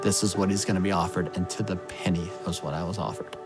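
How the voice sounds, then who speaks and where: A man in his thirties tells an earnest personal testimony in a gravelly, creaky voice. He speaks with open emotion about faith and family. A clear music bed runs underneath. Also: deep voice, fast talker. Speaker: former college baseball coach.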